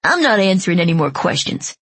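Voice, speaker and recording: A woman's voice: lowish voice, sing-song, a little fast, fairly bright tone, breathy edge, no room sound, heavily acted. Woman doing a curt, evasive suspect man. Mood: defensive. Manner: curt, clipped denials. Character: evasive defensive middle-aged man suspect.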